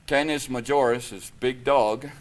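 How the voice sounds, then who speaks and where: A man preaching a sermon as pastor in a church, animated and emphatic, swinging from loud peaks to quiet passages. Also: mid-range voice, measured pace. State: out of breath. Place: church sanctuary.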